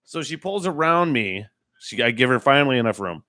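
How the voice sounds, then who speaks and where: A man's voice: mid-range voice, animated, fairly quick, pushed and bright, dry recording, studio quality. A man hosting a casual podcast chat who tells stories and makes crude, profane jokes. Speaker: podcast host.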